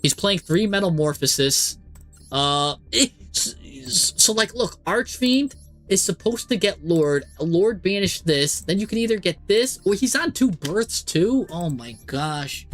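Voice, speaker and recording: Male streamer, high-pitched, live play-by-play, exasperated and animated, faint music underneath. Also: slow pace. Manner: exasperated, animated, talks to the screen. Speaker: streamer commentating a card game. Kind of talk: live game commentary.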